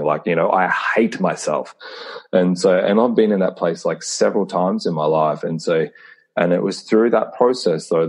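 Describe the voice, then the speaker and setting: A man's voice: deep voice, a little mellow. A man speaking earnestly and reflectively in a casual call conversation, with many fillers and restarts. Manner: acts out his own inner voice in quoted asides.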